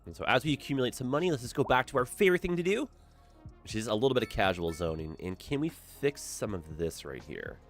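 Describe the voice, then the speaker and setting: A man with a stuffed-up nose giving casual gameplay commentary, thinking aloud in a relaxed way. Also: medium pitch, quick pace, faint music behind. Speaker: game streamer.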